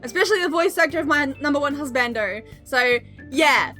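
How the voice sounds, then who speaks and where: A young woman live-streaming a game, chatting loudly and excitedly with her viewers. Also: sits high, fairly quick, soft background music. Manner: excitable, loud, bursts into squeals greeting chat. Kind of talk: casual live-stream chat while gaming.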